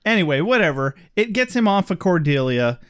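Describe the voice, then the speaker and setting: With a smooth, fairly bright voice that sits high and has a sing-song lilt, this podcast co-host talks briskly through an episode recap. His take is sardonic and casually profane, and he reads quotes aloud.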